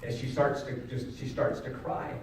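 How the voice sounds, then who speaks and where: A middle-aged man giving a motivational keynote, telling a personal story in an earnest way that moves from loud to hushed. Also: medium pitch, flat delivery, normal speed, a little hiss or hum. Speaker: keynote speaker. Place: large event hall. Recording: echoey hall, mic at a distance.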